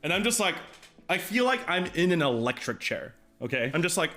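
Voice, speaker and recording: A man in his thirties, a streamer telling a story to his live chat in a casual, animated way, swearing freely. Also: a little high, brisk, soft background music. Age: 30s.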